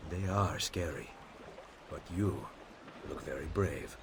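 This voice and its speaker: An actor playing a gentle adult assassin hero, speaking softly and reassuringly. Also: male voice, a bass voice, slow, noisy background, full character voice. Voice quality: soft and reassuring.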